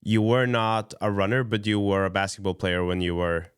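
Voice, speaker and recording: Male host, very low smooth voice, dry sound, halting phrasing. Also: dry recording. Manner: hesitant, repeats words while forming questions. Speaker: podcast host. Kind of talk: interview questions.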